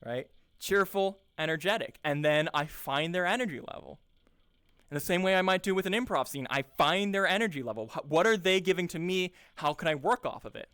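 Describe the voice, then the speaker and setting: A man's voice: high-pitched, animated, a little fast, fairly bright tone, clean tone, no room sound, studio quality. A young man, an improv teacher, talking casually and earnestly with lots of restarts and repeated words. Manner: earnest, enthusiastic, repeats words while searching. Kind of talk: casual rambling monologue.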